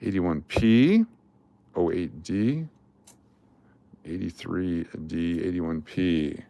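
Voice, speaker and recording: This coin collecting live streamer is an older man whose low, creaky, mellow voice moves extremely slowly yet has lively intonation. He jokes around casually while sorting coins, announcing each one's date and mint mark.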